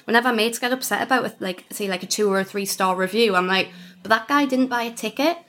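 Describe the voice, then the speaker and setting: A woman's voice: a little high, fast. A woman, a stand-up comedian telling stories animatedly in a casual interview, peppering her speech with "like". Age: 20s. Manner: chatty, animated storytelling with frequent "like" and laughter.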